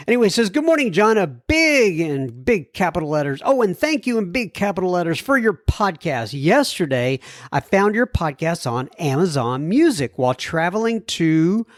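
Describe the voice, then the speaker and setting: A man's voice: a little high, dry recording, clean studio sound. Chatty man reading listener letters. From United States. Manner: chatty, warm asides, stumbles over words. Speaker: podcast host. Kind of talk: reading listener messages aloud.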